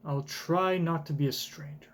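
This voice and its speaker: A man voicing a gentle, kind giant of a man in a soft, earnest tone while reading a comic aloud. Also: on the high side, fairly even intonation, normal speed, lightly acted.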